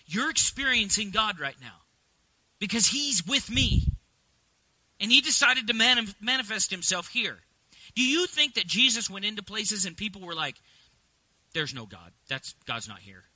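Man preaching, high voice, very bright tone, dry close sound, chatty then emphatic. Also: animated, normal speed, no room sound, low-quality recording. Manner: conversational, rising to emphatic preaching. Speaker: pastor. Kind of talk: sermon.

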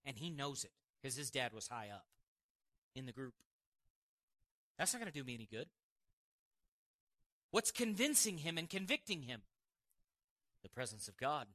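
A man preaching a sermon and telling a personal testimony, animated, with quick asides and frequent laughs. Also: medium pitch. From Montana, United States.

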